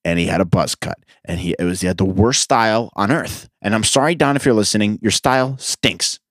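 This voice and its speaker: A man's voice: fairly low pitch, fairly quick, fairly bright tone, no room sound, clean studio sound. A young man hosting a podcast, ranting in a profane, sarcastic, rambling way. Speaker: podcast host. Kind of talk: casual podcast rant.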